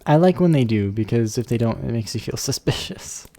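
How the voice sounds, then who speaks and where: A man's voice: medium pitch, animated, brisk, mellow. A man chatting casually on a live stream from home, rambling and playful, full of asides. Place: warm room at home. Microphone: desk microphone. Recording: slight background hum.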